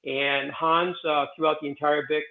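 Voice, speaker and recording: Over a thin phone-style line, a sixties-aged man who heads a historic stone site tells digressive stories as an interview guest. His slightly higher voice holds a level tone at a moderate pace, peppered with frequent fillers and restarts.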